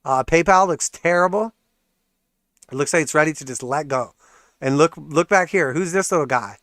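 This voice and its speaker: Male market livestream host, sarcastic ranter, slightly high voice, dry close mic. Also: moderate pace, a bit bright, no echo. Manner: sarcastic, profane, laughs often. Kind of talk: ranting livestream commentary.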